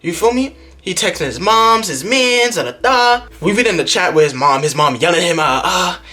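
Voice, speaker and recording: Lively young man telling a story. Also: high-pitched, brisk. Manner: acts out other people's voices in the story. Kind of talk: animated storytime.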